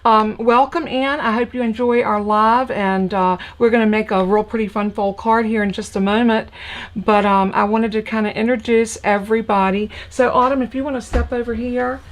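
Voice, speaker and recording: A woman's voice: a little high, steady tone, moderate pace. An older woman with a Southern US accent hosting a live crafting stream in a folksy, chatty way, greeting viewers by name. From United States. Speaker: crafting channel host. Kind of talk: casual live-stream chat.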